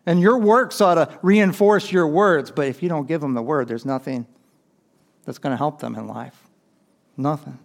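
A man's voice: a little high, moderate pace, gravelly. A young adult man, a youth pastor preaching a sermon in a conversational way, often checking in with "right?". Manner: conversational preaching, frequent "right?" asides and restarts.

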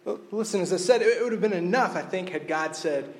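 A man's voice: high voice, fast talker, few pauses. A man preaching a sermon as a pastor, earnest and often repeating words as he restarts his phrases. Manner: reads scripture aloud.

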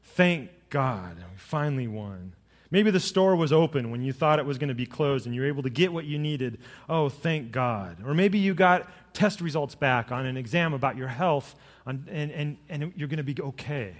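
Middle-aged man, pastor, sermon, joking storyteller, fairly high voice, long church-hall reverb. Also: fairly quick, few pauses. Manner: jokey storytelling, rising to lively emphasis.

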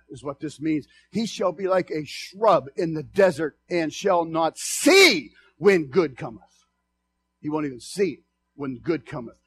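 High-pitched guy preaching, fired up, goes loud then drops way down to confide stuff. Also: slight background noise. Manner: impassioned, swinging between loud exhortation and low, confiding asides. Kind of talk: sermon.

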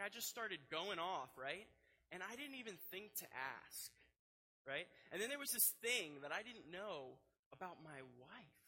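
A young man preaching a sermon, telling a personal story in a lively, animated way and often turning to ask the listeners directly. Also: high voice, low-quality recording.

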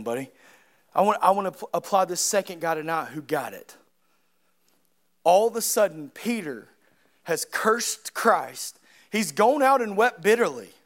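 A preacher with a higher-pitched voice than most men. He drops to soft, low reflection, then climbs into loud, fervent preaching. It is a lively, dynamic sermon delivery. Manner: swings from soft and low to loud, high and impassioned.

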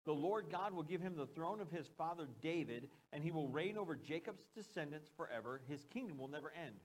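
A man with an American accent and a voice on the high side preaches animatedly and a little fast, captured in low quality. As pastor, he keeps the sermon conversational, joking on the side and asking the congregation questions.

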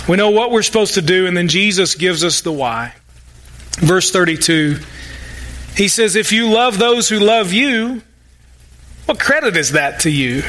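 High, bright-voiced folksy male preacher. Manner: folksy, humorous, emphatic preaching with sarcastic asides. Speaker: pastor. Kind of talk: sermon.

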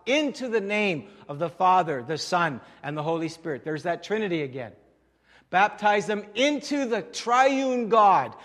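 A man from French Canada preaches a sermon in a high, bright voice. He hits key phrases loudly and then drops to a low, quiet tone, and his words carry a long reverb through a church hall. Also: animated, moderate pace. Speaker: pastor.

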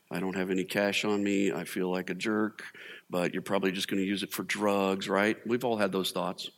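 A man's voice: low voice, flat delivery, normal speed, vocal fry. Guy pastor preaching, joking around, big echoey church hall. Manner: humorous, conversational preaching with acted quotes. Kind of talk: sermon. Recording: long hall reverb.

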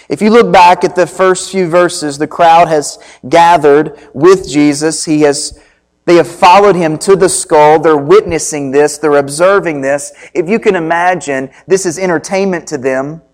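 Slow, deliberate preaching man. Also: a little high. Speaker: pastor. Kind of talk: sermon with scripture reading.

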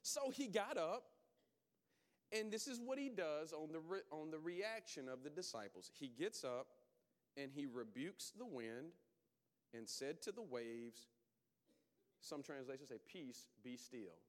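A man's voice: on the high side, lively intonation, unhurried, long pauses, in a large hall. A man preaching a sermon in a conversational, emphatic way, calling out to his congregation.

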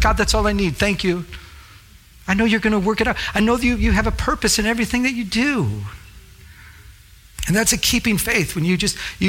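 A middle-aged pastor preaches earnestly, repeating his phrases and reading scripture aloud. His voice is bright and crisp, sitting a little high for a man. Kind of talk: sermon.

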